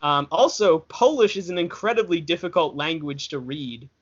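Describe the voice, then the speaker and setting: A man's voice: a little high, moderate pace, slightly rough. A young man co-hosting a casual podcast, chatting in a rambling way and correcting himself as he goes. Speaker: podcast co-host. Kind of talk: casual chat. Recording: dull lo-fi podcast audio.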